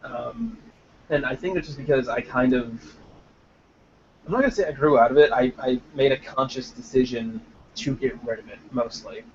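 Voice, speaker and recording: A man's voice: mid-range voice, moderate pace. Young man with a light Southern accent, chatting. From Georgia, US. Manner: rambling, with frequent fillers and restarts. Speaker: show host reading viewer questions. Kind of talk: casual livestream chat. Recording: dull lo-fi mic with faint background noise.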